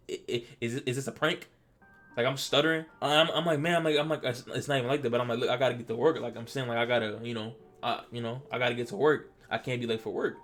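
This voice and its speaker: A man from Delaware telling a personal story in casual vlog style, animated and stammering, acting out what he said back then. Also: medium pitch. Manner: animated, stammering, acts out his own past lines. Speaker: storytelling vlogger.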